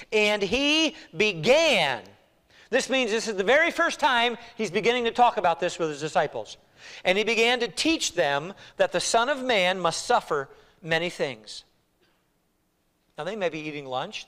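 A man preaching an expository sermon as pastor, animated and acting out the voices of people he quotes. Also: high-pitched. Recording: long hall reverb.

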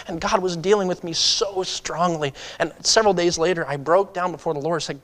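A male preacher giving a sermon, swinging from impassioned urging to hushed personal storytelling. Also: a little fast, long reverb tail. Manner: impassioned, rising in pitch and volume to urge; hushed and confessional when telling stories.

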